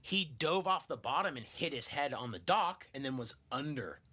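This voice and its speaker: A man's voice: mid-range voice, lively intonation, normal speed, pushed and bright. A man hosting a podcast, telling a story in a casual, profane way, laughing and acting out other people's lines. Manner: acts out quotes in shifting voices. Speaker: podcast host.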